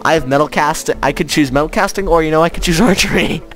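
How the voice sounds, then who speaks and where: Brief: slightly high-voiced man, playful let's-play host, laughs a lot, faint game music behind. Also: fast, fairly bright tone. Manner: playful, laughs often, jokey. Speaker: gaming channel host. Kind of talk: casual let's-play commentary.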